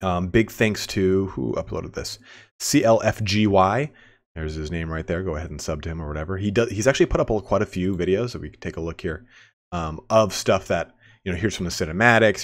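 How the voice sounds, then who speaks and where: A man giving casual, rambling game commentary, full of fillers and restarts. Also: low voice. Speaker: gaming commentator.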